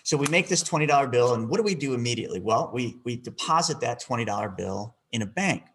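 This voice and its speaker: A man's voice: mid-range voice, fast, slight background noise. A man, a financial advisor, answering an interview question by telling a story and acting out the dialogue. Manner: animated, acts out quoted dialogue.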